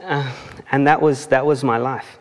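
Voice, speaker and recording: A South African man shares his testimony from a church stage, his voice carrying a long reverb off the hall. He keeps it conversational and self-deprecating, laughing at himself and stumbling into restarts. His pitch sits in an ordinary middle range for a man. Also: steady tone, unhurried. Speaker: church member giving a testimony.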